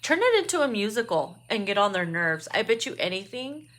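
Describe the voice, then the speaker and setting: A woman's voice: medium pitch, very animated, a little fast, fairly bright tone. A woman doing a casual tarot card reading, blunt and profane, laughing often. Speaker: tarot reader.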